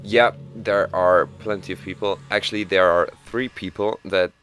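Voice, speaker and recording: A man's voice: low-pitched, fairly even intonation, normal speed, fairly bright tone. A man giving casual commentary over a game playthrough, hesitant, with many fillers and restarts. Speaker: game player.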